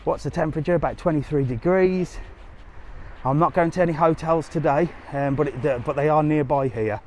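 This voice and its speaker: With a voice on the high side, brisk and slightly mellow, a travel vlogger chats to his viewers while strolling a seaside tourist strip. He answers their questions live, staying chatty and cheeky and replying to comments on the go. A handheld camera picks him up as he walks, with light street noise in the air.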